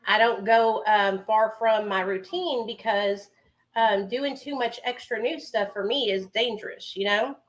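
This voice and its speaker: A woman's voice: medium pitch, steady tone, unhurried. A woman chatting casually with her livestream viewers from home while doing her makeup, calling them honey and baby. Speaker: livestream host.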